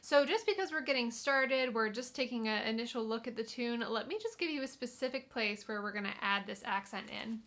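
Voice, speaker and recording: Woman teaching fiddle, high voice. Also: lively intonation, fairly quick, few pauses, fairly bright tone. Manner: friendly, explanatory, with casual fillers. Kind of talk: instructional video tutorial. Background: fiddle playing between phrases.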